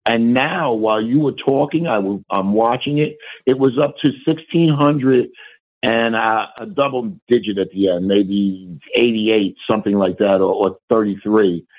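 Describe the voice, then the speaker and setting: A man calling in to a live stream, talking excitably and swearing freely. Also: on the low side, moderate pace. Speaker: caller. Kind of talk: casual phone-in chat. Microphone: phone. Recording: tinny phone line.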